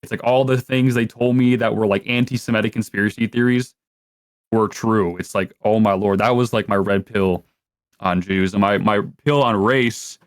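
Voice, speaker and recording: A man's voice: lowish voice, fairly even intonation, moderate pace, no echo. Rambling young man, dry close sound. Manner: rambling, profane, heavy with filler words. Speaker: podcast guest. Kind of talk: casual podcast chat.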